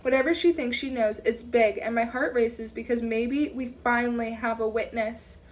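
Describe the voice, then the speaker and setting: A woman narrating a first-person audiobook in a steady reading voice, now and then correcting herself. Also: on the high side, moderate pace, recorded from a distance. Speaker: audiobook reader.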